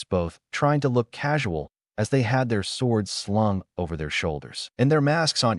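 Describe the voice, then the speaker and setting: A man reading a fan fiction story aloud in a steady, even storytelling manner. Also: medium pitch, no echo, studio quality. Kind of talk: scripted story narration.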